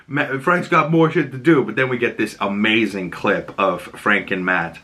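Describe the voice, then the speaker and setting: An excitable man reviewing a TV episode in casual talk, often laughing and using lots of fillers. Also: on the low side, moderate pace. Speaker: show reviewer.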